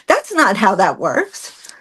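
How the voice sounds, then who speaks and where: A middle-aged woman guest telling a personal story in conversation, animated, acting out what others said and laughing through hard parts. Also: mid-range voice, takes it slowly, breathy edge. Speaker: podcast guest.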